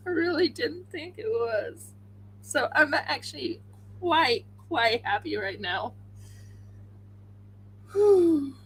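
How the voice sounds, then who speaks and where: Woman, tired, crafting stream host, chatty, excitable, slow speech, bright tone. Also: fairly high pitch, slight background noise, rough recording. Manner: chatty, excitable, talks to herself as she works. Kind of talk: casual chat while crafting.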